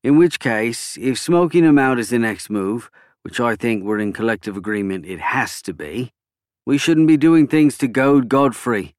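A man's voice: medium pitch, moderate pace, darkish tone, no echo, studio quality, natural voice. A man voicing a scheming, rotund male prime minister who talks with intensity and insistence. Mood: insistent.

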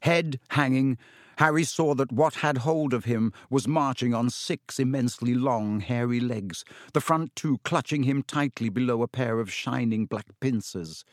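A man reading a story aloud as an audiobook narrator, in a steady, even storytelling manner. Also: medium pitch, a little slow, dry recording, studio quality. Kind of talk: scripted narration.

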